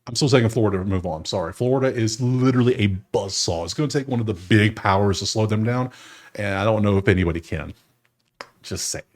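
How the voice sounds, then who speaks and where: A man's voice: lowish voice, fast. A man hosting his sports betting channel, casually thinking aloud through his bracket picks and talking straight to the teams. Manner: animated, thinks aloud, talks to teams directly. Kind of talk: casual bracket breakdown monologue.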